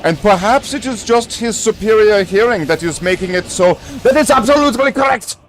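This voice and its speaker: A man's voice: high-pitched, expressive, brisk, fairly bright tone, a little hiss or hum. A man from Canada chatting in a rambling, joking way while streaming a game. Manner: rambling, joking, restarts often. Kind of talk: livestream chat while gaming.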